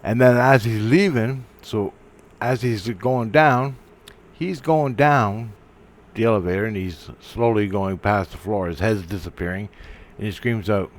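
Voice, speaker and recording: A man telling a personal spiritual story in a casual monologue, swearing and stopping to restart his sentences. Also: lowish voice. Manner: profane, halting, restarts often. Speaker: vlogger.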